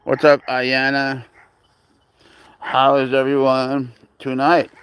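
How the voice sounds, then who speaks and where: A man's voice: mid-range voice, completely flat delivery, takes it slowly, a bit bright, clean tone. A man rambling casually on a live stream from an outdoor park, greeting viewers and talking to his cat through a handheld phone. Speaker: livestream host.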